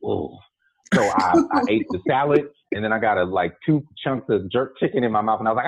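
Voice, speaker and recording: Deep-voiced man on a tinny phone line. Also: lively intonation, a little fast, breathy edge. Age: 40s. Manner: laid-back, joking, laughs while telling stories. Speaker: guest, actor. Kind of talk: casual storytelling chat. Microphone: phone call.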